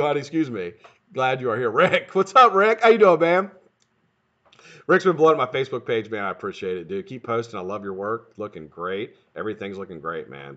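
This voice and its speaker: A man hosts his own live stream, talking quickly and cussing freely as he greets viewers by name. His pitch bounces all over, and the sound is dull and lo-fi. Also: fairly bright tone. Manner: fast-talking, profane, greets chat by name. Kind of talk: casual live-stream chat.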